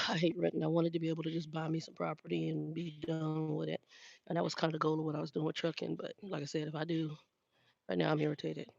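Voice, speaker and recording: Woman, older, gravelly, frank, exasperated, casual vlog chat, dry close sound. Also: deep voice, level tone, quick pace, no room sound, dull audio. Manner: frank, exasperated, talks in restarts. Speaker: vlogger, truck driver. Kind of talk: casual chat with live viewers.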